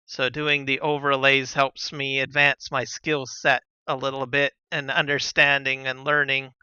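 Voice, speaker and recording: Slow-talking man streamer, bright smooth voice. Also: mid-range voice, dry recording, muffled recording. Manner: relaxed, rambling, many fillers and soft chuckles. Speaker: gaming streamer. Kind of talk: casual live-stream chat while playing.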